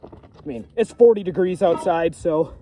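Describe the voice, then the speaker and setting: Halting outdoorsman, slightly high voice. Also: vocal fry, warm tone, slight background noise. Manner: halting, full of fillers and restarts. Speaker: first-time trapper. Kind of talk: casual outdoor vlog talk. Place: outdoors on a frozen pond. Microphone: camera set on a pack basket a few feet away.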